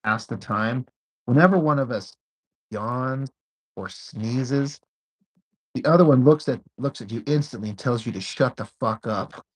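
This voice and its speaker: Husky man in easygoing chat. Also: mid-range voice, a little slow, poor audio. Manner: laid-back, swears freely, tells stories with laughs. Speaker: co-host. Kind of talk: casual chat.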